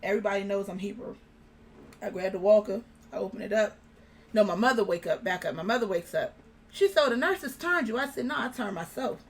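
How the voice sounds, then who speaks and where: A young woman, an interview guest, telling a personal story in casual conversation, animated and acting out the dialogue. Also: mid-range voice, a little fast, breathy edge. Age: young adult.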